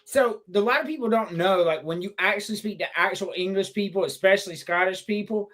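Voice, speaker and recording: A woman's voice: medium pitch, fast, fairly bright tone. A woman chatting on a podcast, retelling a clip animatedly and laughing a lot. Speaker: podcast host. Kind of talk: casual chat.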